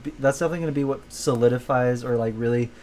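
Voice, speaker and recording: Excitable swearing podcast co-host. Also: male voice, medium pitch, very fast. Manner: excitable, swears often, laughs a lot. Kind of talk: casual chat.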